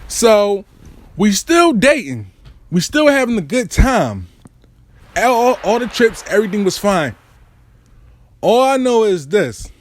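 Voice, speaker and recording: A man telling a story in casual storytime style, profane and animated with street slang. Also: sits high, a little slow, long pauses, slight background noise.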